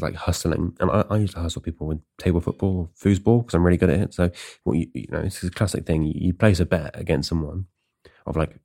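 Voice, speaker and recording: Gravelly, sweary man. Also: low-pitched, warm tone. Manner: sweary, rambling, sardonic. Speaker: podcast host. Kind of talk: casual solo monologue.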